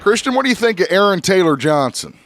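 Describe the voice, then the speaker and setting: A man's voice: high-pitched, very animated, fast, over loud music. A man hosting a casual podcast chat, laughing a lot and swearing loosely while fighting sinus trouble. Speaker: podcast host.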